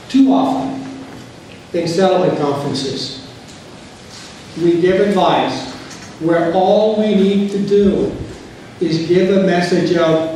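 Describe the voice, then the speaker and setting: A man giving a training lecture on settlement conferences, speaking slowly and deliberately and acting out bits of quoted dialogue. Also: sits high, dark tone, slight background noise. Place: courtroom or conference room. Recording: far-off mic in a very echoey room.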